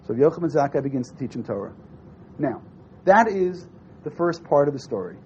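A man teaching a class in a fairly high voice, swinging up and down as he acts out a story's dialogue. He keeps asking his listeners questions. The recording is dull and lo-fi, with a faint hiss under it. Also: fairly quick. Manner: animated, acts out dialogue with rising and falling voice; asks the audience questions. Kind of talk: lecture with storytelling.

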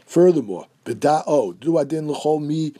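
Male teacher, husky and dark-toned, steady explanatory lecture delivery. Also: on the high side, measured pace. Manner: steady explanatory, mixing Hebrew quotes with English. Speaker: Torah teacher. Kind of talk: halachic lecture.

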